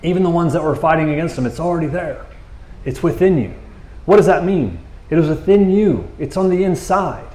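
A man preaching a conversational sermon, reading scripture and breaking into animated, joking asides. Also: on the high side, fairly quick, roomy sound.

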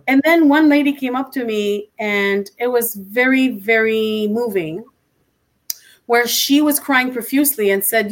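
A motivational speaker, a woman, recounts her personal story in conversation with a slightly high voice. She talks in an animated, emphatic way, often restarting her sentences and putting on the voices of the people she quotes. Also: a little slow. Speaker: motivational speaker, interview guest.

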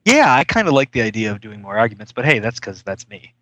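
A man's voice: fairly low pitch, sing-song, fast, a bit bright, no echo, rough recording. A man's voice that swings up and down as he chats on a podcast. He laughs often and jokes around after a few drinks. He sounds easygoing and talkative. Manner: laughing, tipsy banter. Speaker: podcast panelist. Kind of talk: casual podcast chat.

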